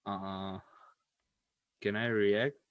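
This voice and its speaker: Slow-talking man playing a tabletop game. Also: on the low side, little pitch movement, smooth, no echo. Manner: unhurried and hesitant, with fillers. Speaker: player.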